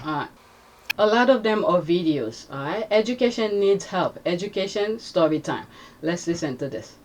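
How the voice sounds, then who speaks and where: A woman's voice: on the low side, animated, normal speed, darkish tone, a little hiss or hum. A woman hosting a casual commentary vlog, rambling and chatty with many fillers as she reacts to social media posts.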